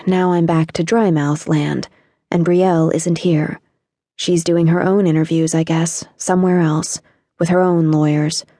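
A woman's voice: on the low side, mellow, dry recording, studio quality. A woman narrating an audiobook in the first person, in a wry, sardonic teenage voice.

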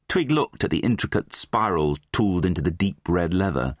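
A man's voice: deep voice, moderate pace, few pauses, no room sound, clean studio sound. A man narrating a children's fantasy audiobook, reading expressively. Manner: expressive, voices many characters. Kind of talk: scripted storybook narration.

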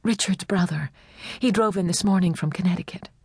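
A woman voicing a composed, grieving wife who speaks quietly and politely. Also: on the low side, fairly quick, slightly rough, no room sound, clean studio sound, voice pushed up.

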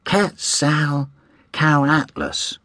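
A man's voice: a little high, big pitch swings, a little slow, gravelly, husky, no echo, studio quality, voice pushed up, heavily acted. A man doing an eager young boy. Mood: excited. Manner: bright and enthusiastic.

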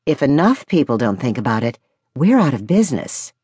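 A woman's voice: very deep voice, very animated, fairly quick, mellow, slightly rough, no echo, studio quality, exaggerated voice. A woman voicing a poised, amused madam in charge of a luxury ship, speaking with teasing self-assurance in an audiobook. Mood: wry. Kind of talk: audiobook character voice.

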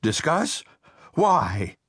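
A man's voice: on the low side, normal speed, slightly rough, dry recording, clean studio sound, pitched above the performer's own voice. A man voicing a desperate, bankrupt middle-aged contractor in an audiobook, talking in an agitated, accusing way. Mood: raging.

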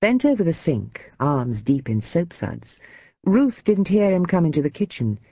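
Husky woman narrating an audiobook. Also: sits low, sing-song, no echo, lo-fi sound. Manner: measured, dramatic storytelling. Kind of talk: scripted narration.

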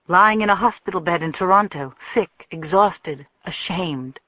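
Brief: woman audiobook narrator, expressive storytelling, tinny dry recording. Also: lowish voice, no echo. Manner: measured, expressive reading. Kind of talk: scripted narration. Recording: thin phone-like dry sound.

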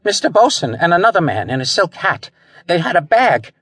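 A man's voice: high-pitched, sing-song, a little fast, fairly bright tone, slightly rough, dry recording, clean studio sound, distant mic, pitched above the performer's own voice, full character voice. A man voicing a frightened, stammering elevator starter in a pulp audiobook. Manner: stammering, dazed.

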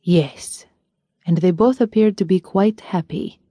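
A woman doing a low, stern young prince weighed down by guilt, warm dark tone, audiobook. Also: a little slow, no room sound, studio quality. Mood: brooding. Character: brooding young male prince, guilt-ridden.

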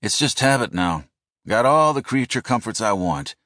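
A man voicing a gruff, teasing male pilot in an audiobook who talks in wry, easygoing banter. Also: lowish voice, big pitch swings, moderate pace, bright, forceful tone, dry recording, clean studio sound, voice pushed up.

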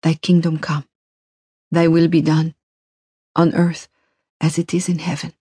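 A woman's voice: sits low, little pitch movement, dark tone, husky, no room sound, clean studio sound. A woman voicing a terrified young mother who screams warnings and prays in a hurry while fleeing. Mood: praying. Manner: desperate screams and hurried prayer.

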